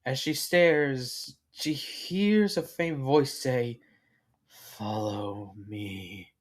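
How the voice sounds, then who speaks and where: A man reading his own fan fiction story aloud as narrator, unhurried and with halting restarts. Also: medium pitch.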